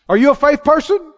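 Male preacher, very high and lively voice, slow deliberate delivery, call-and-response sermon. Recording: dull hall recording with long reverb.

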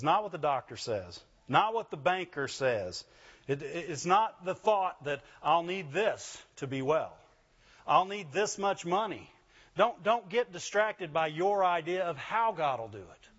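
A pastor preaches a sermon, punctuating his points with call-and-response questions to the congregation and frequent "Amen?" and "Right?". His voice is high, a bit bright and husky, and the highs are cut off.

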